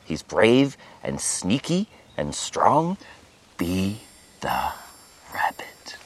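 A man's voice: low-pitched, wildly swooping pitch, very slow, breathy edge, exaggerated voice. An actor playing a goofy, flamboyant imaginary dictator friend, delivering his film dialogue in a theatrical, coaxing way.

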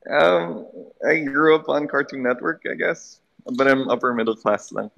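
Hesitant caller on a phone. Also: male voice, mid-range voice, moderate pace, gravelly, fairly bright tone, muffled recording. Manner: hesitant, mixes in Tagalog fillers. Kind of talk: phone call-in. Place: hallway. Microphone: phone call.

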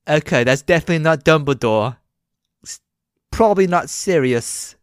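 Woman co-host, low, lively, teasing, cusses. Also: moderate pace, dry recording, clean studio sound. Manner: animated, teasing and swearing. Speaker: podcast co-host. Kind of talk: casual chat.

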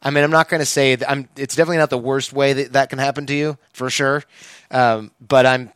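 A man's voice: mid-range voice, steady tone, fast talker, a bit bright, clear, resonant tone, no echo. A man from Michigan telling a story in a casual podcast chat, acting out the voices of the people he quotes.

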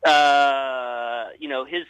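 Bright-voiced man rambling through a story. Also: medium pitch, fairly even intonation, extremely slow, clear, resonant tone, no echo, poor audio. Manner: rambling, hesitant storytelling with many fillers. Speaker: guest storyteller. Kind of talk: casual chat.

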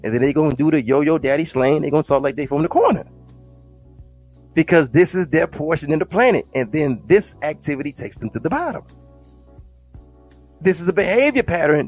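A man's voice: fairly high pitch, animated, normal speed, a little mellow, soft background music. A man hosting a podcast, delivering an impassioned, preachy monologue full of slang and often calling listeners beloved. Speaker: podcast host.

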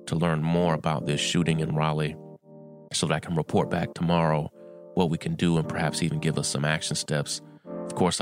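A middle-aged man hosting a solo news commentary podcast, speaking earnestly and urgently with pauses and restarts. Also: very deep voice. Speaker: podcast host.

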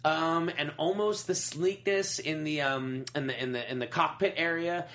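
A man's voice: a little high, moderate pace, a bit bright. A young man co-hosting a podcast in casual chat, rambling and joking, often correcting himself mid-sentence. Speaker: podcast co-host.

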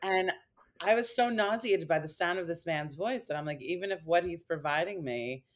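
Low-voiced woman co-host telling a story. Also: normal speed. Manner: animated storytelling, swears, coins words. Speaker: podcast co-host. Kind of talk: casual podcast chat.

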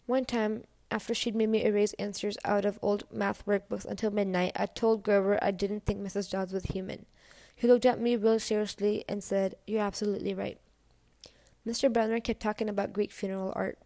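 A woman's voice: mid-range voice, flat delivery, fairly quick, dark tone, no echo. A woman reading a novel aloud in a casual, first-person storytelling way. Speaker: audiobook reader.

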